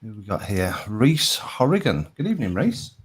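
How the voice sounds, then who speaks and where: A man's voice: on the low side, sing-song, normal speed, slight background noise. A man with a Birmingham accent co-hosting a live show, reading out viewers' names with chirpy greetings and jokey asides. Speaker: co-host reading out chat names. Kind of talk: casual live-show banter.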